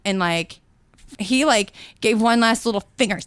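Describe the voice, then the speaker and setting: Woman, podcast host, casual storytelling, profane, animated, mid pitch, dry studio mic. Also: normal speed, clear, resonant tone, dry recording. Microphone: studio microphone.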